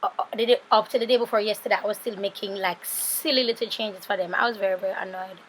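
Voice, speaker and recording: A woman's voice: mid-range voice, fairly even intonation, fast, a little hiss or hum. A woman in her thirties with a Jamaican accent, tired and sleepy, chatting casually through a makeup tutorial voice-over with rambling asides to her viewers. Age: 30s. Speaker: beauty vlogger.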